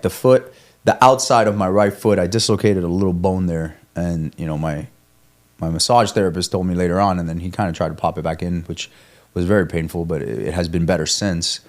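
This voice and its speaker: A young ultramarathon runner, guesting on a podcast, tells a running story candidly in a low, darkish voice at a brisk pace. He rambles, swears, coaches himself, and frequently restarts his sentences.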